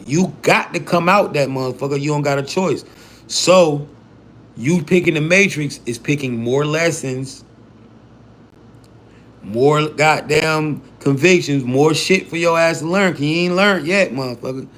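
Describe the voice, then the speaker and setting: A man's voice: a little high, a little slow, a bit bright, a little hiss or hum. A man giving a casual, profane live-stream lesson, blunt and slangy, full of rhetorical questions. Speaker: self-styled spiritual teacher on a live stream.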